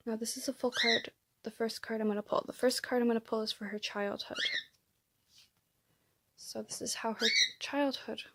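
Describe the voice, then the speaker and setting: At home in one of her rooms, a woman who works as a tarot reader and psychic channeler gives a casual reading. Her fairly high voice is gravelly, with a slight hiss or hum in the recording. She chats and rambles, often restarting and drifting into asides.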